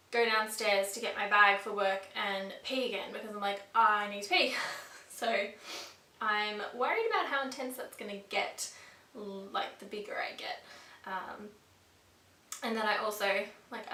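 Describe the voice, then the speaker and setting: A woman's voice: medium pitch, moderate pace, pushed and bright. A pregnant woman in her twenties chatting casually and upbeat in a vlog, with frequent fillers. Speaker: vlogger. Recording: echoey room, mic a bit distant.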